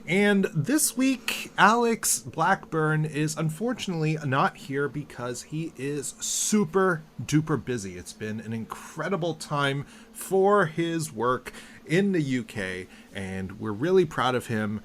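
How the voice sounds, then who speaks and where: Animated man hosting a podcast. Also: fairly high pitch, slow, slight background noise. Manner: animated, rambling with many restarts. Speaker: podcast host. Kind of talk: casual podcast chat.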